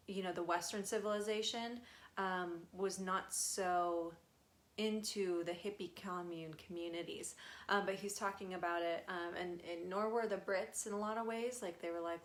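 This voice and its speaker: A woman's voice: lowish voice, fairly bright tone. A young adult woman, a spirit medium, chatting through a live channeling session, relaying messages with lots of fillers and giggles.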